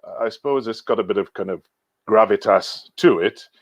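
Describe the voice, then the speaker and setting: Gravelly welsh man chatting. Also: lowish voice, fairly quick, no echo, muffled recording. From Wales. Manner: chatty, hesitant, many restarts and laughs. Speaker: guest, singer and voice actor. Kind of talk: casual chat.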